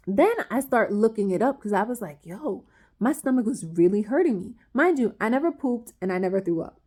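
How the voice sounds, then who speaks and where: A woman's voice: a little high, a little fast. A woman in her thirties, a vlogger, animatedly retelling a personal story in casual chat, with lots of "like"s. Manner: animated, dramatic retelling with many "like"s.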